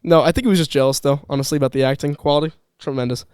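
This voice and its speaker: A man's voice: fairly high pitch, steady tone, racing, a little mellow, clean tone, no echo, clean studio sound. A young man chatting casually on a podcast, telling rambling stories with restarts and laughs. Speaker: podcast guest, former employee. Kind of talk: casual chat.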